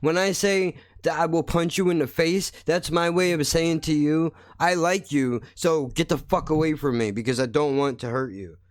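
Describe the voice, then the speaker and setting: A man's voice: fairly high pitch, moderate pace, hardly any pauses, dry recording, studio quality. A man hosting a podcast, ranting in a blunt, heated, constantly swearing monologue. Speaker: podcast host. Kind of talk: angry profane monologue.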